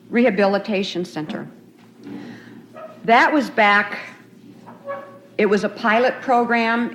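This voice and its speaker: Here, a middle-aged woman's recovery story from a retreat comes through a faint, noisy 1990s tape. She speaks at medium pitch with a fairly bright tone, relaxed and conversational, breaking into frequent laughs.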